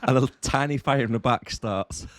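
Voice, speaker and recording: A man's voice: medium pitch, normal speed, dry recording. A man co-hosting a podcast, chatting casually with laid-back, dry remarks. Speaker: podcast co-host. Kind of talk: casual chat.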